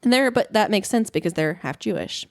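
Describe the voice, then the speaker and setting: A woman from southern Louisiana co-hosts a casual podcast in an easygoing voice of middle pitch. She chats and laughs lightly while retelling family moments, recorded close and dry. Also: lively intonation, a little fast, no echo. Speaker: podcast co-host. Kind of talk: casual chat.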